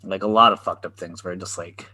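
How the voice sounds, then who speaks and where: A man's voice: low-pitched, fairly even intonation, a little fast, sharp tone, slightly rough. A man co-hosting a podcast in casual chat, laid-back, swearing freely and laughing at his own jokes. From Canada. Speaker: podcast co-host.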